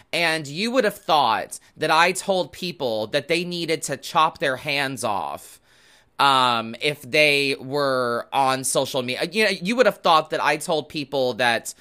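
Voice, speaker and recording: A man hosting a tarot podcast, talking in a casual, animated, sarcastic rant full of swearing. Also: mid-range voice. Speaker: tarot reader and podcast host. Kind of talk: casual ranting chat.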